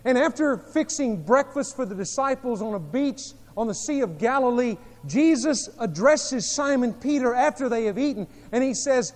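A man preaching a sermon as pastor, telling a story dramatically, with sharp swings between soft and loud. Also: extremely high pitch, animated, moderate pace, hardly any pauses. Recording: long hall reverb.

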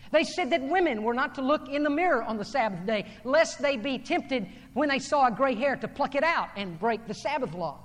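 A male preacher delivering a sermon, swinging from loud, declaiming passages to low, intense murmurs. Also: animated, a little fast, few pauses. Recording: long hall reverb.

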